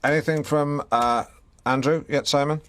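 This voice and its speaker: A man's voice: a little high, steady tone, moderate pace, a bit bright, slight background noise. Pompous stammering male radio host. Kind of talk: comedic radio show chat. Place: radio studio.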